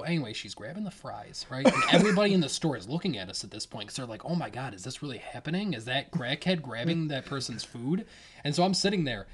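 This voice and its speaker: Young man, animated laughing storyteller, casual slangy chat. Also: mid-range voice, slight background noise. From Detroit, Michigan.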